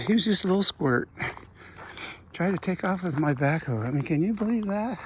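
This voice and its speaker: A man's voice: sits high, expressive, moderate pace, a little hiss or hum. A man, a rancher, talking casually and rambling as he works outdoors in his garden, with folksy exclamations. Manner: folksy, rambling, drifts off topic. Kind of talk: casual vlog narration while working.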